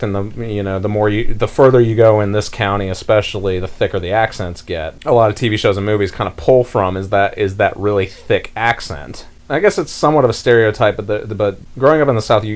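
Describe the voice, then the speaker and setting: A man's voice: fairly low pitch, a little mellow. A young man from North Carolina hosting a casual podcast chat and rambling through his points with many fillers. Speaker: podcast host.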